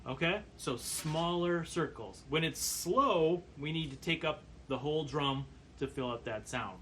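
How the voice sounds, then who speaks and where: A man giving a percussion lesson, calmly explaining brush patterns and counting beats aloud. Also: fairly high pitch, moderate pace, slight background noise. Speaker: percussion teacher. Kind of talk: instructional demonstration.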